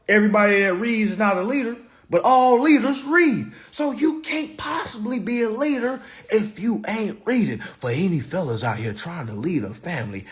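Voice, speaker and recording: A man giving an animated, preachy monologue to his viewers, mocking and emphatic, with sudden loud jabs. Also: high voice. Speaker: consumer-credit commentator.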